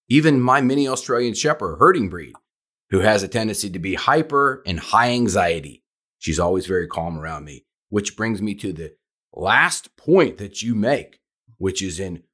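A man's voice: low voice, a bit bright. A man hosting a podcast, talking with enthusiasm in an easy conversational way as a dog trainer. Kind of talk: conversational interview.

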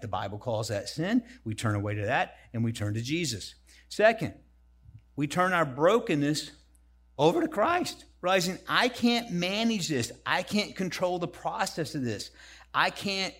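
A man preaching a sermon as guest speaker, telling lively, self-deprecating stories. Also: mid-range voice. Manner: animated, self-deprecating storytelling.

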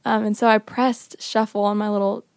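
A young woman telling a personal story casually on a podcast, animated and often dropping to a whisper. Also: mid-range voice, fairly quick, vocal fry, smooth, no room sound. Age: young adult. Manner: animated, often drops to a whisper when quoting. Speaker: podcast guest.

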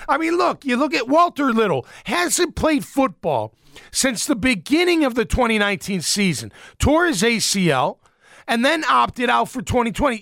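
Heated high-voiced man ranting about sports. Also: a bit bright, no room sound, clean studio sound. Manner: blunt, heated, repetitive. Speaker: sports commentator. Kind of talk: opinionated sports rant.

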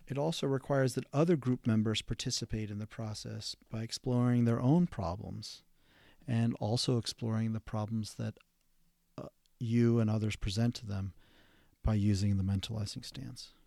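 A man hosts an instructional therapy podcast, explaining ideas in a measured, halting way with frequent ums and restarts. His voice is low and mellow. The recording is dry and close, with no room sound. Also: fairly even intonation, vocal fry, no room sound.

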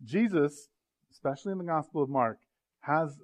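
A man's voice: fairly high pitch, expressive, normal speed. A male pastor preaching to his congregation in a loose, conversational way, full of jokes and asides to the room. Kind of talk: sermon. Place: church sanctuary.

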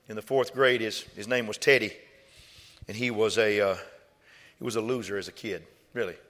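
A male preacher, delivering a sermon through stories. He repeats his words and swings from soft storytelling to loud, high exhortation. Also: moderate pace, big-room sound. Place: church.

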